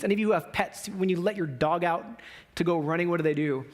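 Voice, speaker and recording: A man's voice: sits high, quick pace. A man pastor preaching a sermon in a conversational style, with emphatic rises when he speaks for God and the prophets. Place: church sanctuary.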